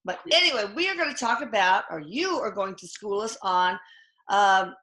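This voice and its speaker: A woman host, chatting in a casual, self-mocking, animated way. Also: mid-range voice, normal speed. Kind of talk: casual chat. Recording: echoey room.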